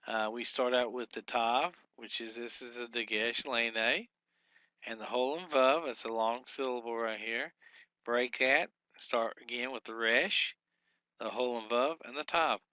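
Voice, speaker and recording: A man teaching a recorded workbook lesson, methodically thinking aloud and sounding out syllables slowly. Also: mid-range voice, pushed and bright, dry recording, dull audio. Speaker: Hebrew teacher.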